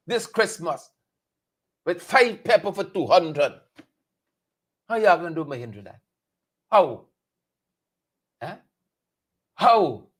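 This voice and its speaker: A man's voice: on the high side, big pitch swings, takes it slowly, long pauses, husky. A man with a Guyanese accent hosting a satirical news commentary, talking with animation and repeating lines for emphasis. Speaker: host.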